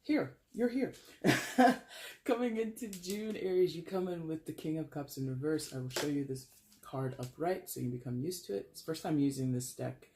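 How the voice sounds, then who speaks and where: A man's voice: on the high side, normal speed, warm tone, slight background noise. Chatty man reading tarot cards. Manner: chatty and rambling, self-correcting; addresses viewers as guys. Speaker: tarot reader. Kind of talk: casual tarot reading vlog.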